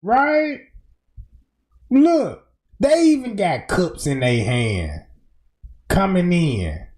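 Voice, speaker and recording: Man, video commentator: slow, emphatic, slangy, mellow tone, lively pitch. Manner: emphatic, slangy, pointing things out. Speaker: commentator walking through footage. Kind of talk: casual commentary over video.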